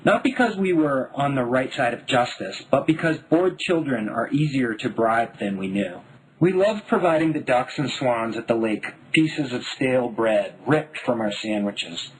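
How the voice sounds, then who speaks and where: A man from Denver narrating his own memoir in a wry, deadpan voice. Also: mid-range voice, slight background noise, poor audio. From Denver, United States. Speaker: memoir author.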